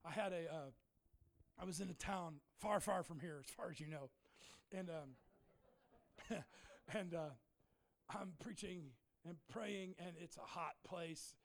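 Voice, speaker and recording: A middle-aged man preaching a sermon to a congregation, telling folksy jokey stories and breaking into shouts. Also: high voice, unhurried, vocal fry, pauses often. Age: middle-aged or older. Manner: folksy, joking, bursts into shouting. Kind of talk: sermon storytelling. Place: church in front of a congregation.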